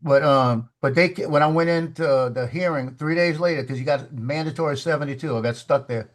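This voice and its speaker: A man's voice: on the high side, fairly quick. A man in a casual studio chat, telling a story with restarts and repeated words and acting out the people in it. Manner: animated storyteller, acts out the voices of people in his story.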